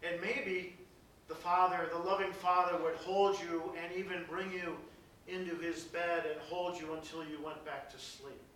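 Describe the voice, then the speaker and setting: A pastor preaching a sermon, reading scripture dramatically and dropping into soft, hushed passages. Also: male voice, fairly high pitch, little pitch movement, moderate pace, a little hiss or hum. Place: large church. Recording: very echoey church from a distance.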